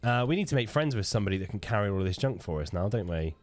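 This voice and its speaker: A man's voice: lowish voice, lively intonation, very fast, a little mellow, no room sound, faint music behind. A man hosting a let's play, chatting casually to himself with swearing and jokes. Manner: muttering to himself, swearing, joking. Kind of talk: casual gameplay commentary.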